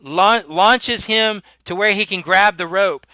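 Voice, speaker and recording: Acting as game master for a tabletop game, a man narrates haltingly, restarting often and chuckling along the way. His voice is slightly high, bright and smooth. The recording is close and dry with no room sound.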